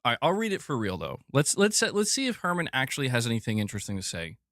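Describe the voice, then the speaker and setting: A man's voice: medium pitch, huge pitch swings, fast, a bit bright, no room sound, studio quality. A man hosting a casual gaming news show, joking and self-mocking as he reads. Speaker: host of a gaming news channel.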